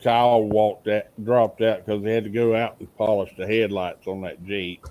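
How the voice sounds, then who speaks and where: A man's voice: fairly low pitch, level tone, normal speed, narrow, tinny audio, slight background noise. A man, chatting on a live stream and telling long, rambling stories with frequent laughs. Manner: rambling storyteller who laughs often. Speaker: co-host of a shooting livestream. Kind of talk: casual live-stream chat.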